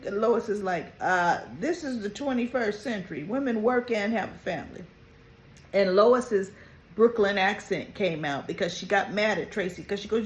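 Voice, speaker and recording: A woman's voice: mid-range voice, normal speed. Chatty woman recapping a soap. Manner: retells scenes with quoted lines, animated. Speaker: soap opera recap host. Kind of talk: casual episode recap. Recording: echoey room with faint background noise.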